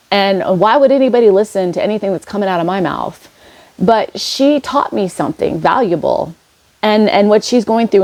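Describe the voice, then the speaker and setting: A woman speaks in a casual, meandering way about spiritual lessons, her voice sitting a little low. She pauses often, restarts her sentences and fills gaps with ums and you-knows, sounding like an unscripted vlog. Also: darkish tone. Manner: rambling, many fillers and restarts. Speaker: spiritual vlogger. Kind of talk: casual inspirational monologue.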